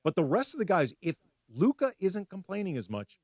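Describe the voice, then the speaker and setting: A man's voice: high voice, huge pitch swings, brisk, a little mellow, no echo, clean studio sound. A man co-hosting a sports radio show, giving wry, analytical takes in casual talk.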